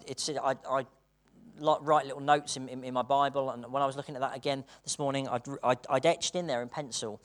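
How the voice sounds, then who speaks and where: A British preacher delivering a sermon, earnest, moving between hushed and excited passages and laughing between points. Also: mid-range voice. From Britain.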